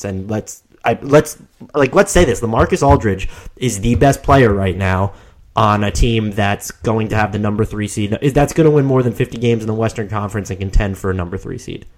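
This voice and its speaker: A young man co-hosting a casual podcast, animated, often restarting his sentences. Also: on the low side. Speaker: podcast co-host.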